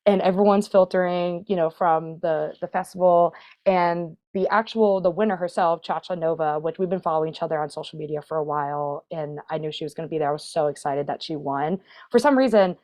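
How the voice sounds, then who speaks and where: A woman's voice: fairly low pitch, fairly quick, a little mellow. A woman guest on a podcast, telling stories in a casual, chatty way and laughing often. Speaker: podcast guest, burlesque and drag performer. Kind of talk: casual storytelling chat.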